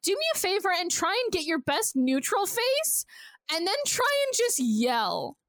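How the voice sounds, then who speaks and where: A woman's voice: extremely high pitch, big pitch swings, unhurried, fairly bright tone. A woman co-hosting a podcast, talking casually and emphatically, laughing often. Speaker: podcast co-host.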